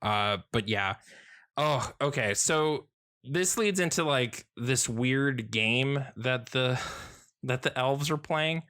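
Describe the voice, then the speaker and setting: A podcast co-host with a medium-pitched, somewhat bright voice takes his time while chatting casually about a comic. He rambles, laughs often, and fills his speech with fillers and restarts.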